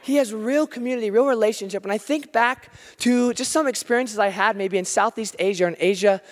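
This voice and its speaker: An American man preaching a sermon, telling stories with animated, self-deprecating humor. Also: high voice, a little fast. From United States. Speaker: pastor. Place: church hall. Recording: long hall reverb.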